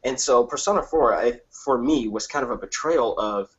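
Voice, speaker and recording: A panelist on a casual gaming podcast rants animatedly, swearing plenty and tossing in comic asides and impressions. His husky voice is medium-pitched at a moderate pace, and the sound is lo-fi.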